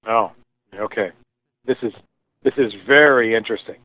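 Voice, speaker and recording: A man with a fairly low voice tells his story slowly and thoughtfully, restarting his sentences as he goes. The sound is thin and phone-like. It is dry, with no room around it. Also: no room sound. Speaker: guest, company founder. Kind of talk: storytelling interview answer. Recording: tinny phone-like line, dry.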